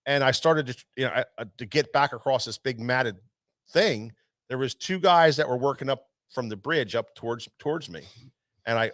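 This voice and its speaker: A man's voice: mid-range voice, fairly bright tone, no room sound. A man who runs a tackle shop, telling a long fishing story in casual chat, rambling with many restarts. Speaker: tackle shop owner, show host.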